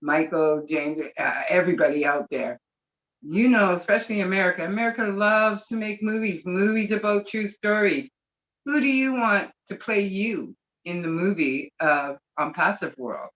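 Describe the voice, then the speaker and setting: A woman's voice: deep voice, a bit bright. A woman speaking on a video call, rambling and gushing with emotion. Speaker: webinar participant. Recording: dull lo-fi call audio.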